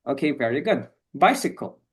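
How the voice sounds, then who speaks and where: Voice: mid-range voice, big pitch swings, normal speed, slightly rough. An English teacher running an online class, encouraging and patient, often saying "okay, very good". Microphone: video call.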